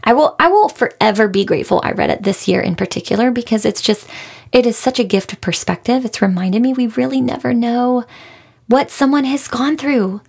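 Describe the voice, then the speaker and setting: A woman's voice: on the high side, fairly quick, gravelly, a little mellow, breathy edge. A woman hosting a podcast, talking through a book she loved in an earnest, emotional, heartfelt way. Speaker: podcast host. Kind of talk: casual book review monologue.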